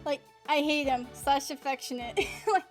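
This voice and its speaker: A woman's voice: high-pitched, steady tone, moderate pace, soft background music. A woman streamer giving casual, rambling commentary on a game, laughing and swearing mildly as she talks.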